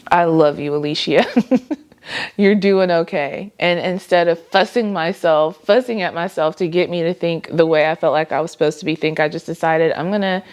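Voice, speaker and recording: Casting: young adult woman, low-ish voice, earnest faith vlogger, reflective and candid. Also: smooth. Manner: earnest and reflective, with light laughs. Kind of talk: faith-based personal vlog.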